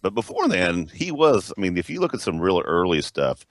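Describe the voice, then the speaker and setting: A man with a very low voice co-hosts a casual rock podcast. He rambles, restarts and corrects himself as he goes. The sound is dry and close. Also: very animated, normal speed, dry recording. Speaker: podcast co-host.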